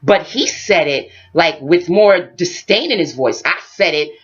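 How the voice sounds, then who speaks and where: A woman's voice: fairly low pitch, measured pace, dull audio. A woman vlogger telling a story and giving spiritual life advice, talking straight to her viewers. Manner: expressive, addresses viewers directly. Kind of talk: animated storytelling monologue.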